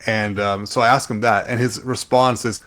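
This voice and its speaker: A man co-hosting a podcast in easygoing chat, hesitant and quick to poke fun at himself. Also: fairly low pitch, fairly even intonation, fairly bright tone. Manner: easygoing, hesitant, self-deprecating. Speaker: podcast co-host. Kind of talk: casual chat.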